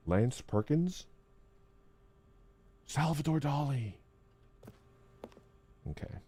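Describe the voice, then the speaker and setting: A streamer chatting casually on a live stream while gaming, with loud groaning outbursts and halting reading aloud. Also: mid-range voice.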